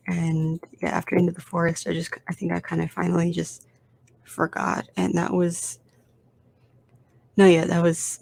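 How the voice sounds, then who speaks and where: A woman's voice: on the low side, gravelly. A woman hosting her own podcast, talking casually and rambling with lots of fillers, restarts and self-deprecating asides. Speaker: podcast host. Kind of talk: casual solo podcast talk.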